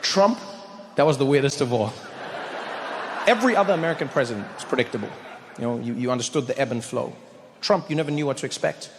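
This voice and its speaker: A man performing a stand-up comedy set, animated, hammering home repeated punchlines. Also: mid-range voice, quick pace, pauses often, background noise. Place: live comedy venue. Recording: echoey live hall. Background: audience laughter.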